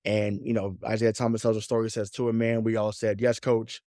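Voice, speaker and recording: On the low side and mellow, this man's level voice moves a little fast as he hosts a sports podcast. He talks loosely with plenty of swearing, laughs often, and repeats words once he's going. Studio-quality recording, no echo.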